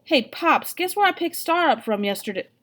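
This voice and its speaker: A woman's voice: high-pitched, expressive, normal speed, a bit bright, pitched above the performer's own voice. A woman reading aloud, voicing a teasing teenage older brother.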